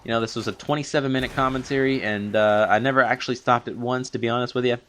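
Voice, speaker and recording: A man's voice: mid-range voice, fairly even intonation, fast, fairly bright tone. A young man recapping a TV episode in a long, rambling unscripted review, full of fillers and restarts. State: a little out of breath from long talking.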